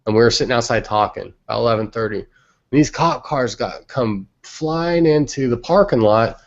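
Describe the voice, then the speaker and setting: A young man co-hosting a podcast tells casual stories bluntly, with lots of profanity, over a remote call. He has a mid-range voice at normal speed, and the call microphone gives muffled, lo-fi online audio.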